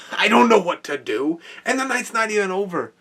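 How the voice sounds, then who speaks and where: Young guy host, bright voice, animated storytelling, kinda far off the mic. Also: high-pitched, moderate pace. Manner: animated, laughing, exclamatory storytelling. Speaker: podcast host. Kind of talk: casual storytelling.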